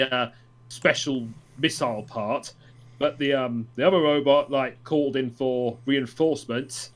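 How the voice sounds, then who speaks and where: A man summarizing a comic story in a casual podcast chat, with many ums and pauses. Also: mid-range voice, a bit bright. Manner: hesitant, many ums and uhs. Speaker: podcast co-host.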